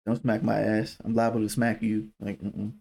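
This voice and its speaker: Raspy young man, gravelly storyteller. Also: lowish voice, normal speed. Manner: animated storyteller, slangy and profane. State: hoarse throat. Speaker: podcast co-host. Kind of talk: casual chat.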